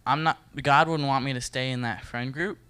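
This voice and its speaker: Smooth-voiced man leading a casual Bible study. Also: mid-range voice, normal speed. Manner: relaxed, joking, talks straight to the group. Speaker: youth Bible study leader. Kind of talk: casual Bible teaching talk.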